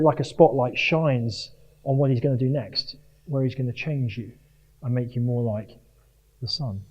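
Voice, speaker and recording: A middle-aged man from Jersey giving a sermon at a Christian sports event, earnest and animated with self-mocking humour. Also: mid-range voice. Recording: dull lo-fi live talk recording.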